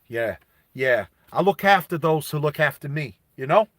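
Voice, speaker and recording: A man's voice: fairly high pitch, expressive, moderate pace, fairly bright tone, no echo. An Australian man voicing a big, older male robot foreman who smokes cigars, a tough but kindly boss with blunt, streetwise talk. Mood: reassuring.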